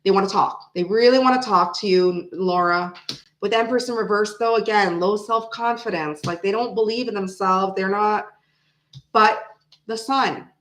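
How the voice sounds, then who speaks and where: A woman's voice: medium pitch, moderate pace, fairly bright tone, slight background noise. Echoey woman doing a tarot reading. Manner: repeats phrases, muses aloud while pulling cards. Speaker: tarot reader. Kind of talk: casual tarot card reading.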